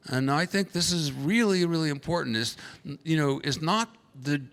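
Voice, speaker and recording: A man's voice: a little high, moderate pace, creaky, a bit bright, clear, resonant tone. A middle-aged man speaking on a conference panel, telling stories in a rambling way with restarts and acting out quoted voices. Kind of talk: conversational storytelling on a panel. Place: conference hall. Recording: long hall reverb.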